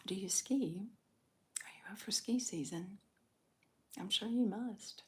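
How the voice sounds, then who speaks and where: A woman hosting a live ASMR stream, chatting with viewers in a soft, calm whisper with small laughs. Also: mid-range voice, slow pace, husky. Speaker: ASMR livestream host.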